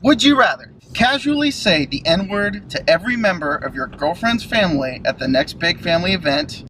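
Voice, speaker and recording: A man's voice: high-pitched, animated, moderate pace, sharp tone, slight background noise, rough recording. A man as a guest in a casual comedy chat, laughing often and hedging his answers, recorded inside a car. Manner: laughs a lot, hesitant and squirming.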